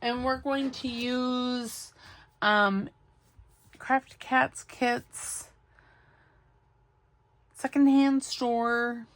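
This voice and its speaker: A woman's voice: fairly high pitch, fairly even intonation, drawn-out words, long pauses. A woman hosting a crafting video, chatting casually and rambling as she searches for supplies and corrects herself. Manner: rambling, scattered, self-correcting. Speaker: craft channel host.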